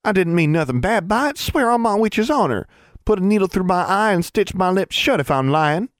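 Man voicing a high, eager little Southern witch girl, folksy drawl, storybook. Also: very animated, a little fast, dry recording, studio quality.

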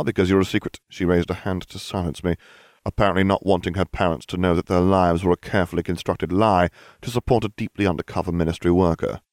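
A man's voice: deep voice, fairly even intonation, fast talker, a little mellow, dry recording. A man narrating a fan fiction story in the first person, with dry, wry humor. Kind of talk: fan fiction audiobook reading.

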